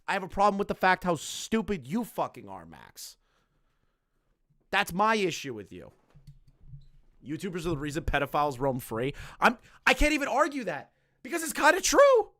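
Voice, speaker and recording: A man's voice: high voice, sharp tone. A man streaming from home, ranting in heated, profane, sarcastic commentary. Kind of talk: livestream commentary rant.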